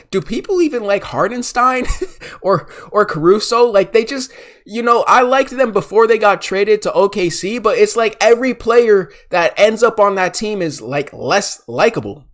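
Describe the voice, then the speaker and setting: A young man giving ranting, mocking sports commentary as a vlogger, exasperated and repetitive. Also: high voice.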